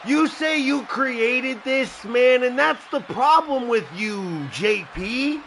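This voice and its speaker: A man voicing an angry male rival wrestler who shouts accusations in a video game show. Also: very high-pitched, animated, takes it slowly, vocal fry, a little hiss or hum, pitched above the performer's own voice, full character voice. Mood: indignant.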